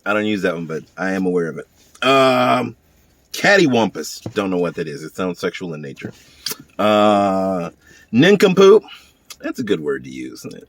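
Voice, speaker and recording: Lively-voiced man musing over a word list. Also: mid-range voice, moderate pace. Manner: muses aloud and acts out little example lines; dry offhand humor. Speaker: YouTuber reading a word list. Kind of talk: casual off-the-cuff commentary.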